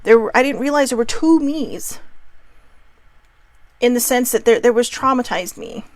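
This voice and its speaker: A woman's voice: fairly high pitch, expressive, normal speed, no room sound. A woman hosting a show, talking candidly and emotionally about her own healing, often restarting her sentences. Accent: Hawaiian. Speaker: host. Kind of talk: personal reflective monologue.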